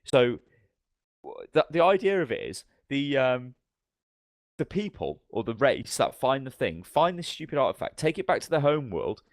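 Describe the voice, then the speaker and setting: Long, wandering anecdotes come from a man co-hosting a podcast, told casually with free swearing and acted-out dialogue from the characters. He speaks at a medium pitch and moderate pace, very animated, in a dry, clean studio recording.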